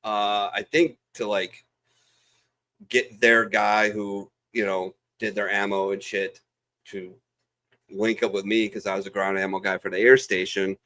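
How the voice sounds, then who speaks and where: A man's voice: fairly low pitch, level tone, measured pace, sharp tone. A man, a veteran co-host, telling service stories in casual chat, profane and rambling with lots of fillers.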